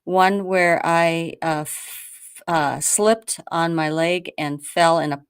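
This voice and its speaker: A woman from the United States hosting a show, telling a story in a lively casual way, acting out quotes with many restarts. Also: on the low side, slow pace, clear, resonant tone, dry recording, studio quality. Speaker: host.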